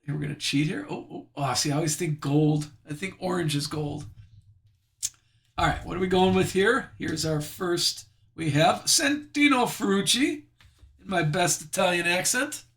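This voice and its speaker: A man's voice: on the high side, normal speed, a bit bright. A man hosting a live sports card break, chatty and self-deprecating as he reads out each card he pulls.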